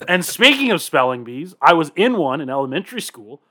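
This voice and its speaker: Bright-voiced man telling stories casually. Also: on the high side, brisk. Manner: profane, animated storyteller. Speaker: podcast co-host. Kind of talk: casual chat.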